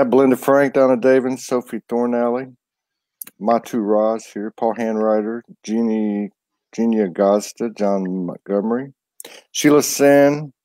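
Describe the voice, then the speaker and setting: A man's voice: fairly low pitch, warm tone, dry recording. Easygoing male live-stream host. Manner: loose, stumbling, reads out names. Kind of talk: live-stream show hosting.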